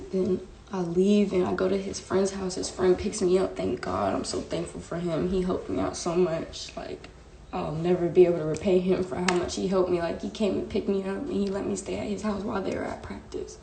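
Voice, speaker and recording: A woman's voice: on the low side, level tone, fairly quick, gravelly, mellow. A young woman vlogger telling a personal story casually and emotionally, full of slang and fillers. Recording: echoey room.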